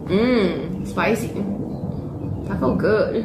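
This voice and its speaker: A woman's voice: medium pitch, slow, heavy background noise. A young woman streaming casually to her chat, talking loosely and apologizing over and over. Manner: chatty, keeps apologizing.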